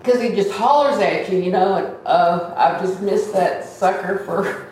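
A woman's voice: medium pitch, unhurried, a little mellow, slight background noise. A woman giving a heartfelt, conversational testimony to a church congregation. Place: church hall. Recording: echoey hall from far off.

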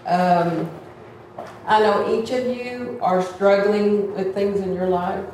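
A woman's voice: medium pitch, steady tone, takes it slowly, a little mellow, a little hiss or hum. A woman giving a heartfelt, conversational testimony to a church congregation. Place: church hall. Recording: echoey hall from far off.

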